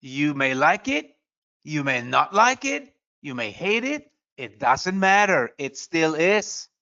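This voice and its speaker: A man with a high, bright voice gives an earnest motivational talk. He presses his points and keeps tossing in "you know" asides. The recording sounds slightly dull and lo-fi. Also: big pitch swings, slow pace. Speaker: motivational speaker.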